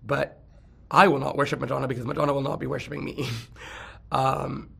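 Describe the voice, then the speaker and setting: Campy gravelly man gossiping. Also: mid-range voice, flat delivery, normal speed, sharp tone. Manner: campy, rambling, sings snatches and laughs often. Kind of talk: casual celebrity gossip chat.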